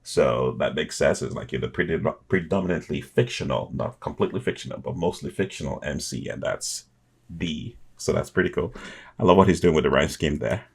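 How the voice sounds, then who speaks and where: A man's voice: a bass voice, a little fast, vocal fry, slightly rough. A man hosting a reaction video, chatting casually with enthusiasm and chuckles, often restarting his sentences.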